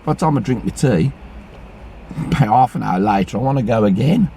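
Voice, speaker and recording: A man's voice: medium pitch, expressive, a little fast, warm tone, slight background noise. A middle-aged man, chatting to camera from inside his car in a chatty, grumbling, sweary way. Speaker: vlogger. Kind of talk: casual chat to camera. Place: inside a car on a rainy day. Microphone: phone camera.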